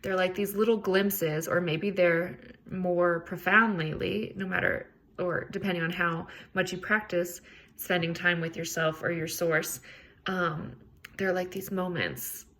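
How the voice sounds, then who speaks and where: A woman's voice: lowish voice, steady tone, measured pace, a bit bright, a little hiss or hum. A woman hosting a podcast, talking casually and earnestly on her own, encouraging and a bit rambling. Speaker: podcast host. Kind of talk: casual solo self-help talk.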